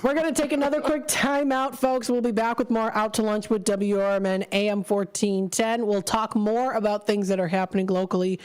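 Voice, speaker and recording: A woman's voice: mid-range voice, steady tone, brisk, hardly any pauses, a little mellow, clear, resonant tone. Upbeat woman hosting local radio. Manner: upbeat, friendly, stumbles on names. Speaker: radio host. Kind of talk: live radio hosting with promos. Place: radio studio. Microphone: studio microphone.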